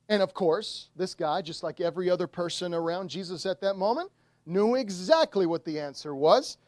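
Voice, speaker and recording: A pastor delivers a sermon in an animated storytelling manner, his pitch rising and falling widely. The sound is dry and close, with no room echo. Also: moderate pace. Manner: animated storytelling, acts out voices in retelling.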